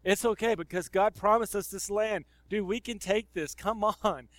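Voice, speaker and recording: A preacher putting on a bold ancient leader who rallies his people. He speaks earnestly and encouragingly, his voice sitting slightly high and sounding close and dry. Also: normal speed, no room sound, lightly acted. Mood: rallying.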